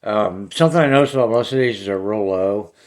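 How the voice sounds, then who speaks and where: Plainspoken man with a lowish voice, a paranormal vlogger talking straight to camera. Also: quick pace. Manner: blunt and plainspoken. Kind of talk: casual talk to camera.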